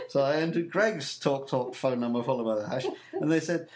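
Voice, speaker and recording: A man's voice: medium pitch, fairly quick, few pauses, darkish tone. A man on a casual talk show, telling a story with swearing and laughter. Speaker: co-host. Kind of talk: casual chat.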